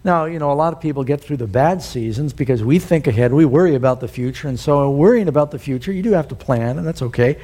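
A man's voice: medium pitch, fast talker, hardly any pauses, mellow. A male pastor preaching a sermon, telling folksy stories and building to emphatic points. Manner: folksy storytelling with rising emphasis.

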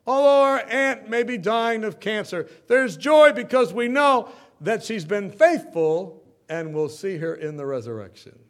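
A man preaching a sermon as pastor, swinging from loud emphatic bursts to soft storytelling. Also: high-pitched, expressive, a little slow.

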